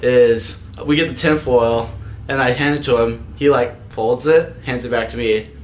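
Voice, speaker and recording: A young man co-hosting a podcast, telling animated, profanity-filled stories and laughing often. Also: medium pitch, moderate pace. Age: young adult. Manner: animated storytelling, swears a lot, laughs often. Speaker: podcast co-host. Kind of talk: casual chat. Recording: echoey room with faint noise.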